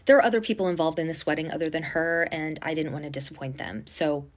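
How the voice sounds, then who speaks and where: A woman telling a personal story in a casual storytime, animated and dramatic, with blunt swearing. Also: low-pitched, fast talker.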